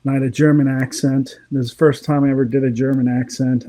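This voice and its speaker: A man's voice: mid-range voice, fairly even intonation, quick pace, hardly any pauses, dark tone. A middle-aged man, a voice actor and comedy writer, telling stories in a rambling way and chuckling often in a casual chat.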